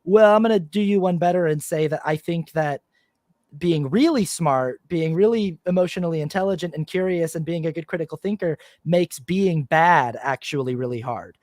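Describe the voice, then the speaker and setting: A man's voice: on the high side, moderate pace, darkish tone, no room sound, studio quality. A man hosting a podcast, talking casually and animatedly, slipping into mock voices to quote people, with many fillers. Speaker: podcast host. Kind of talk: casual conversation.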